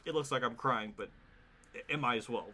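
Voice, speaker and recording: A man's voice: mid-range voice, fairly quick, sharp tone. A man streaming a racing game live, commenting in an exasperated way, swearing often and laughing at himself. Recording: clear background noise.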